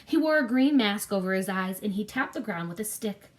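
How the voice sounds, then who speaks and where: Woman narrator, storybook reading, measured, clear, mid-pitched. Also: expressive.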